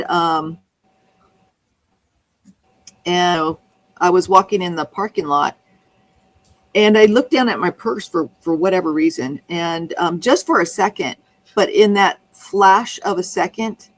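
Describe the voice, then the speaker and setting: A woman's voice: fairly low pitch, a little slow, pauses often, rough recording. Rambling woman telling a story. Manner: rambling anecdote full of restarts. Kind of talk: casual conversation.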